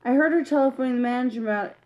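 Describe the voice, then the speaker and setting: Woman voicing grumpy uncle mouse, gruff, cautious, storybook. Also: sits high, very fast, a little mellow, natural voice, poor audio. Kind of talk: storybook reading.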